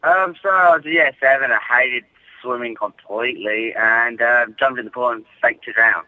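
A man calling in to radio, telling a school story in a halting way. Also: medium pitch, bright, forceful tone, no room sound, poor audio. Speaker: caller. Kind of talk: phone-in story.

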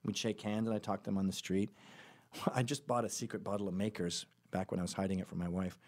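A podcast host with a low, darkish voice and little pitch movement talks fast through a long, casual story. He wanders into asides, corrects himself, and acts out the voices of the people he quotes.

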